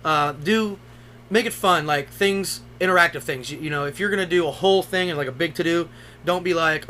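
A man's voice: fairly high pitch, fast talker, bright, forceful tone, a little hiss or hum. A young man co-hosting a podcast, telling stories in a loose, profane way. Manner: loose, profane storytelling with laughs. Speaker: podcast co-host. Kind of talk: casual chat.

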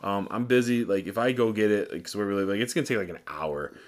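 A man's voice: on the low side, fast. A man, co-hosting a podcast and telling a rambling story with a lot of swearing. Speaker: podcast co-host. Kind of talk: casual chat.

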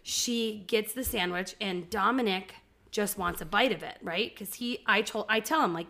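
A woman's voice: mid-range voice, normal speed, gravelly. A woman in her thirties, co-hosting a podcast as a mother, telling family stories in a blunt, swear-heavy way. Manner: blunt, swears freely, animated storyteller. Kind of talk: casual chat.

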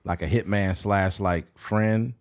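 A man co-hosting a podcast in casual chat, animated, breaking into loud mocking impressions. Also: low-pitched, slow. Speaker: podcast co-host.

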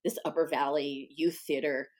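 A woman's voice: sits low, little pitch movement, moderate pace, a little mellow. A middle-aged woman from Long Island, a guest in a casual interview, chatting with lots of ums and you-knows. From Long Island, New York. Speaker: guest, author.

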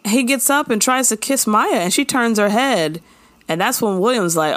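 A woman co-hosting a casual recap chat, animated and playful, acting out characters' lines. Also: fairly high pitch, moderate pace, dry recording. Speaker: podcast co-host recapping a show.

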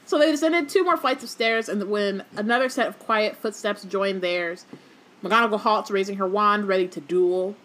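A woman co-hosting a casual book podcast, joking and retelling scenes with quick asides. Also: medium pitch, a bit bright. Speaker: podcast co-host reading and discussing a book. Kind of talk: casual chat and reading aloud.

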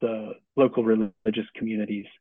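A middle-aged man answering interview questions as a book's author, casual and halting, with many restarts and fillers. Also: lowish voice, little pitch movement, no room sound. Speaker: author and guest. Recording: tinny phone-like call audio.

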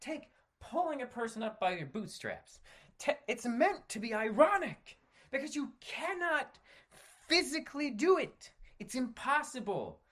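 A man's voice: very high-pitched, big pitch swings, unhurried, fairly bright tone. A man from the United States hosting a solo podcast, ranting with lots of swearing and frequent self-corrections. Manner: trails off into self-corrections and restarts. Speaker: podcast host.

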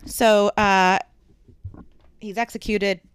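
A man's voice: high voice, level tone, slow pace, fairly bright tone, clear, resonant tone. A man hosting a podcast, telling a true crime story with dry asides and fillers. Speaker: podcast host.

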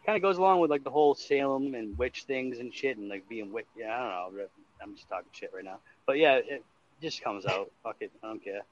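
A man with a Boston accent rambles through casual stream chat and swears at every turn. His voice sits at a middling pitch. The sound is dull and lo-fi. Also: animated, brisk. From Massachusetts. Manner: swears constantly, loose rambling talk.

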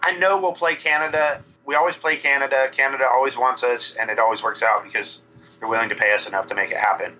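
Male guest on a muffled remote call, relaxed and rambling, bright tone. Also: mid-range voice, fast talker. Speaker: band singer, guest. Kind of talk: remote podcast interview.

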